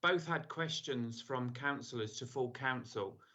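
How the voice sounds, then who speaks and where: A man's voice: medium pitch, unhurried, pushed and bright. A councillor, a man, making a matter-of-fact remark in a meeting. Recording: dull lo-fi video call audio.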